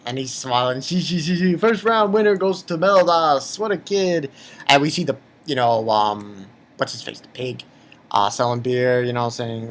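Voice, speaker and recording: An excitable man rambles through a casual manga chapter recap at a middle pitch, stumbling over his words and starting over. He swears freely and keeps leaping up into shrill, squeaky tones whenever he acts out what he said or what the characters say. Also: moderate pace, a little hiss or hum. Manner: excitable and rambling, jumps into high squeaky quotes; swears casually, repeats himself. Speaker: manga reviewer.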